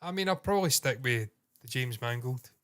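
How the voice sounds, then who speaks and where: A man's voice: medium pitch, expressive, a little fast, fairly bright tone. A Scottish man co-hosting a podcast, telling stories with lots of swearing and mocking impressions. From Scotland. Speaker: podcast co-host. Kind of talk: casual chat.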